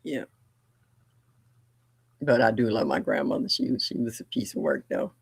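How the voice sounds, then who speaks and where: An older woman hosts a casual livestream and tells family stories in a blunt, animated way. Her voice has a gravelly edge and swings widely in pitch. The sound is close and dry, with no room around it. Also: moderate pace, no room sound. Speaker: livestream host. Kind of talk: casual storytelling chat.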